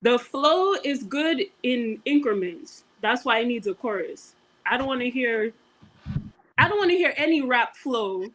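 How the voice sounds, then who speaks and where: Opinionated woman co-host, fairly high voice. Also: poor audio. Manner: opinionated, relaxed, drawn-out emphasis. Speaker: podcast co-host. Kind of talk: casual chat.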